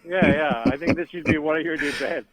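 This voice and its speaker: A man co-hosting a podcast in casual chat, teasing and needling his partner in a deadpan way. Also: fairly high pitch, brisk, crowd noise, low-quality recording. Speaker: podcast co-host.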